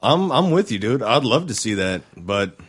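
A man's voice: mid-range voice, sing-song, moderate pace, husky. A man chatting casually on a podcast, swearing freely and talking with enthusiasm. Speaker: podcast co-host. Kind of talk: casual chat.

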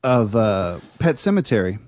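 A man's voice: fairly low pitch, big pitch swings, moderate pace, a little mellow, no echo, studio quality. Man telling a rambling story. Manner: rambling storyteller, laughs at his own stories. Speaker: podcast co-host. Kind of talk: casual chat.

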